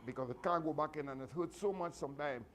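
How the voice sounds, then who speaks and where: A martial arts instructor with a lilt speaks to his students in a fairly high voice. He talks earnestly and in a fatherly way, circling back and repeating himself. A faint hum of noise sits under his words. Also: fast talker, a bit bright. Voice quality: repetitive, earnest, with frequent restarts. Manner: fatherly advice giving. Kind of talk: motivational speech to students.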